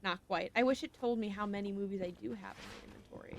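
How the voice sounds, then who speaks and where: A woman's voice: mid-range voice, fast, creaky, hardly any pauses, slight background noise. A woman streaming a video game, chatting casually in a rambling way and apologizing often, with faint music behind her. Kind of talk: casual gameplay commentary.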